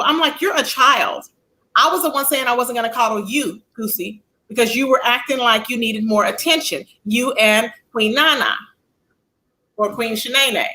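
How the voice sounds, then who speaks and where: A woman hosts her own livestream in a casual, sassy way. Her voice sits high and sounds bright and forceful. She chats freely and reads viewers' comments aloud. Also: poor audio. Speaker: livestream host.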